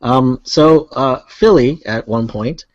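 A man's voice: mid-range voice, takes it slowly, dry recording, dull audio. Rambling man hosting a casual podcast. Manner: rambling, many fillers and laughs. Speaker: podcast host. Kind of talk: casual chat.

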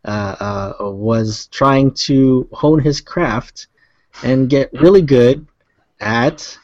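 A man's voice: medium pitch, very slow, darkish tone, dry recording, lo-fi sound. A man hosting a casual podcast chat, rambling with fillers and chuckles. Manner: rambling, many fillers and laughs. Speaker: podcast host.

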